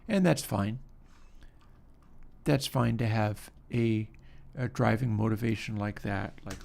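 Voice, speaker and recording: A man's voice: lowish voice, slow pace, vocal fry. A man hosting a livestream, giving casual, musing technical commentary while he edits audio. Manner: relaxed, musing, talks while working. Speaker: livestream host.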